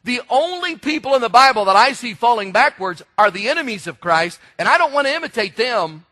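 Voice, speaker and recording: High, bright-voiced animated male preacher. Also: a little fast. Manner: animated storytelling preacher, shouts for emphasis. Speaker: pastor. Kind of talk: sermon.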